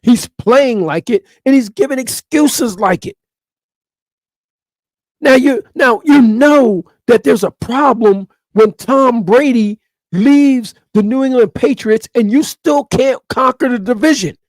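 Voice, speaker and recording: A man's voice: very high-pitched, slow, no room sound, studio quality. A man ranting through sports opinion commentary, emphatic and repeating his points over and over.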